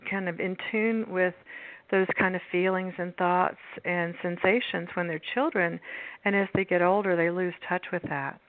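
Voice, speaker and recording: Woman, artist guest, earnest, halting, lower voice, noisy phone line. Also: steady tone, no echo. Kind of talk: conversational interview.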